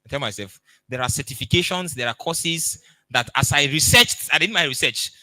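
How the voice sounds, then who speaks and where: A man's voice: on the high side, fairly quick, pushed and bright, no echo. A middle-aged man with a Nigerian accent, giving a motivational coaching talk and acting out the people in his stories. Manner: storytelling, emphatic, acts out dialogue.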